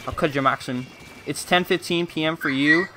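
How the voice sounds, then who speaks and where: A man streaming a game live, chatting casually with viewers and teammates, excitable and humming along. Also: a little high, moderate pace, very noisy. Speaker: gaming streamer.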